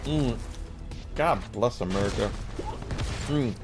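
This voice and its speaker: A man's voice: lowish voice, unhurried, over music. A tipsy man with hiccups, streaming a game from home, rambling and mumbling with lots of hums and sighs. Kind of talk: casual gameplay commentary. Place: at home, playing on a laptop. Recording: noisy background.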